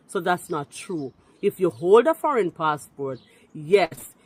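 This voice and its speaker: A Jamaican-accented woman caller, forcefully rebutting in a heated call-in, slipping into patois. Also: low voice. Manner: forceful, indignant, patois-laced.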